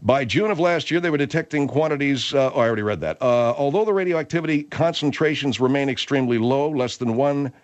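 A man hosting a rambling comedy talk, reading news aloud haltingly and exasperated. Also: mid-range voice, muffled recording. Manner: halting, stumbling reader, exasperated.

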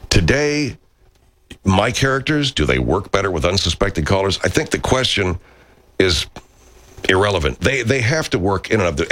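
A middle-aged man, a radio talk show host, chatting casually and answering viewer comments in a rambling, profane, animated way. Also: sits low.

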